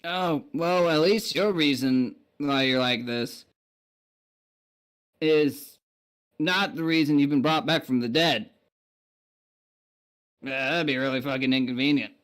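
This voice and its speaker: A man's voice: a little high, measured pace, long pauses, fairly bright tone, clean tone. A man playing a weary, foul-mouthed undead knight in a tabletop game, rambling and swearing freely. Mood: exasperated. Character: weary crude male undead knight, brought back. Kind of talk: tabletop role-play in character.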